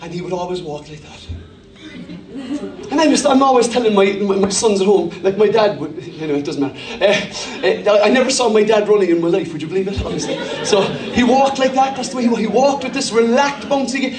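Middle-aged Cork Irish pastor, high voice, jokey storytelling sermon, recorded roomy and distant. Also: male voice, fairly quick, crowd noise. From Ireland. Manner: humorous storytelling, animated impressions.

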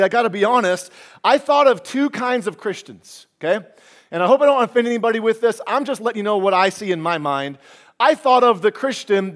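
A male pastor preaching a sermon to his congregation, animated and humorous, repeating key phrases for emphasis. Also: sits high.

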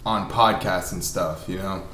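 A young man co-hosting a casual podcast retells stories with lots of laughter and animation, his low voice moving a little slowly. The room he's in is echoey.

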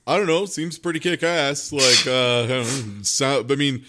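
A man's voice: mid-range voice, moderate pace, heavy background noise. A man with a mid-range voice mocks a film with his co-hosts. His tone is sarcastic, and he laughs at his own jokes. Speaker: podcast co-host. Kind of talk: casual movie-review chat.

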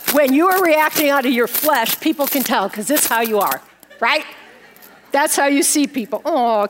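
A woman's voice: sits high, fairly bright tone, a little hiss or hum. A middle-aged woman pastor giving a sermon with props and a personal story, playful and laughing at herself.

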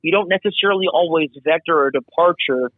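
A fairly high-voiced man, an air traffic controller, talks through his work in a chatty, animated way, piling on asides and acting out radio calls. His voice arrives dry and tinny, as if over a phone line. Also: brisk, no echo. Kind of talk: casual interview explanation.

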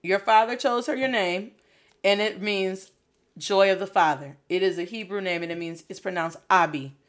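A woman's voice: mid-range voice, steady tone, normal speed. A woman coaching learners in a casual video lesson, encouraging and dropping Spanish phrases into her English.

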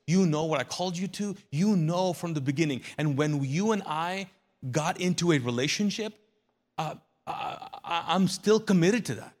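A man voicing a loving but firm male divine figure within a sermon, speaking gently and quietly. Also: on the high side, pitched above the performer's own voice, lightly acted.

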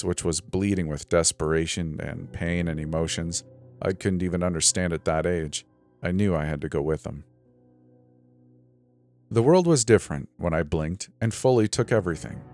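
A man narrating a creepy first-person story in a steady, measured reading. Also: sits low. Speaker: narrator of scary stories. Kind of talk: scripted narration. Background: faint background music.

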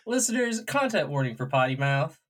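A woman co-hosting a casual podcast from home, teasing and quick to laugh. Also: low-pitched, big pitch swings. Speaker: podcast co-host. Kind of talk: casual chat.

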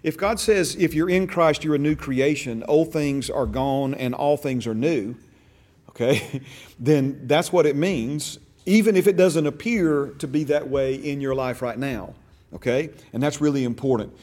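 A man's voice: medium pitch, measured pace, darkish tone. A man teaching a church discipleship class, stressing key words and asking the class questions. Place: church classroom, also streamed online.

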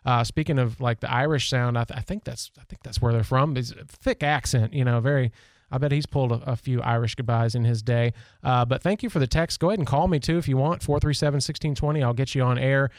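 A man's voice: medium pitch, steady tone, fast, dry recording, clean studio sound. A man hosting a local talk radio show, telling stories in a rambling, chatty way with many fillers. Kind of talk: casual storytelling monologue. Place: radio studio. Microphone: studio microphone.

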